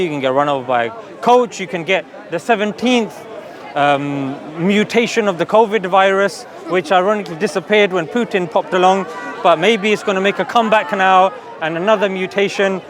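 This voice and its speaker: A man argues his faith in an open-air debate, earnest and persuasive, often checking in with a quick "yeah?". His voice sits high for a man. A crowd murmurs around him outdoors. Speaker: street preacher. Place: outdoor public park.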